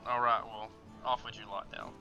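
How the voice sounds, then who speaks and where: A man voicing a calm, amused nobleman who chuckles and talks in an unhurried, soothing way, over online voice chat with music behind. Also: lowish voice, lo-fi sound.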